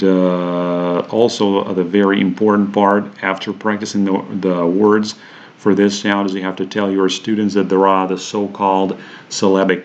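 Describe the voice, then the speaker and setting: A man teaching English pronunciation, walking through web pages with many halting fillers and slowing down to pronounce example words. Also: low-pitched, muffled recording. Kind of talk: screen-share teaching walkthrough.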